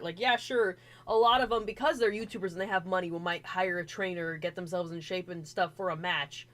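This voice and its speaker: A woman hosting a casual podcast chat, animated and swearing freely with lots of fillers. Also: fairly low pitch, fairly quick, few pauses. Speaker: podcast host.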